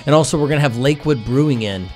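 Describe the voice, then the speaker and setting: A man's voice: mid-range voice, rapid-fire, faint music behind. A man hosting a casual radio talk show, rambling and chatty with many fillers and restarts. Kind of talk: casual chat.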